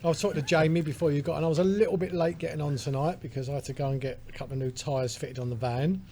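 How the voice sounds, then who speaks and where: Casting note: guy, slightly higher voice, loose storytelling podcast co-host, faint hiss. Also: fairly even intonation, rapid-fire, warm tone. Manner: chatty storyteller, laughs a lot. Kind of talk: casual pub chat. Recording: faint background noise.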